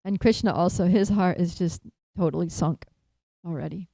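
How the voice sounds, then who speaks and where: Woman storyteller, animated, laughs a lot, mellow warm voice, dry close sound. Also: fairly low pitch, normal speed, creaky, dry recording, poor audio. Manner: animated, laughs often, many fillers. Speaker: storyteller at a temple. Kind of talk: devotional storytelling class.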